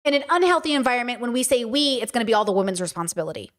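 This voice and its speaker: A woman's voice: on the high side, big pitch swings, very fast. A woman hosting a podcast, reacting to clips with emphatic casual commentary and repeating words for effect.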